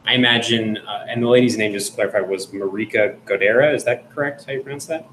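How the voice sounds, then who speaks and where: A man with a low voice describes his character's actions in a tabletop game, pausing often and filling gaps with hesitations. His voice sounds echoey in the room, with a faint hiss behind it. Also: a bit bright. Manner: halting, filler-heavy. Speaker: player.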